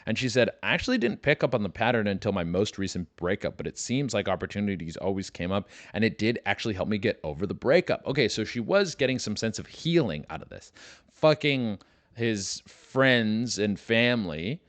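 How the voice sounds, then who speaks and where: A man's voice: fairly low pitch, very animated, a little fast, no room sound. Profane, riffing male podcast host. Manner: loose, profane, riffing with mock voices. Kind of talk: casual comedic rant.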